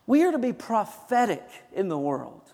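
A man's voice: high-pitched, sing-song, normal speed, gravelly, dark tone, long reverb tail. A man preaching a sermon as pastor, building to emphatic bursts of conviction. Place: church sanctuary.

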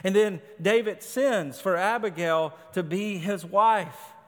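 A man's voice: high-pitched, slow. Man, pastor, sermon, emphatic punchy phrases, long hall reverb.

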